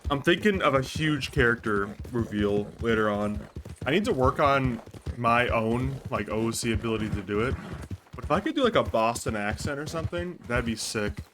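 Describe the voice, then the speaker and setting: Male streamer, casual rambling commentary, mid pitch, swears offhand. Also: normal speed, noisy background.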